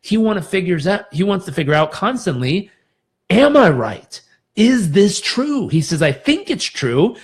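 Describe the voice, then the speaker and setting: Energetic male host, fairly high voice, coaching style for a live motivational stream. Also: unhurried. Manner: energetic, coaching, demonstrates breathing aloud.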